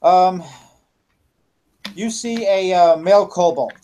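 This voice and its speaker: A man narrating a tabletop game as dungeon master, halting, with many fillers and restarts. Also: sits high, warm tone, slight background noise.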